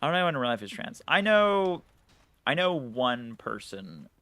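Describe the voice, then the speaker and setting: A man's voice: medium pitch, big pitch swings, normal speed, fairly bright tone, smooth, dry recording. A man streaming a game live, chatting casually in a rambling way, swearing and laughing at himself. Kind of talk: casual live-stream chat while gaming.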